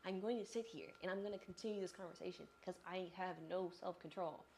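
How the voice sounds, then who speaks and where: A young woman in her twenties, a vlogger telling a chatty, animated story about her travel day straight to the viewer while on the move. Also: lowish voice, fairly quick, vocal fry, slight background noise. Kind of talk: casual storytelling vlog. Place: on the move, traveling through an airport.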